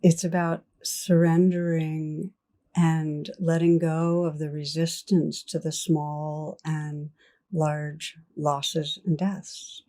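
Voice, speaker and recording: An older woman giving a reflective meditation talk, gently telling stories and laughing softly. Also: deep voice, level tone, takes it slowly. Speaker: meditation teacher. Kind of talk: dharma talk.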